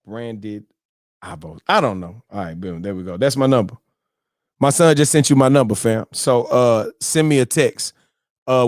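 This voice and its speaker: A man's voice: medium pitch, dry recording, studio quality. A man, hosting a live morning stream in loose, joking casual chat full of slang and fillers.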